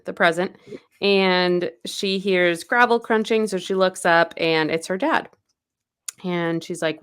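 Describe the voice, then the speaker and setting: A woman's voice: mid-range voice, slow pace, a bit bright, clean tone. A woman co-hosting a podcast, casually retelling a novel's plot and acting out bits of dialogue. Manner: retells the plot in quoted snippets, loose and chatty. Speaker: podcast co-host. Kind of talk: casual book recap chat.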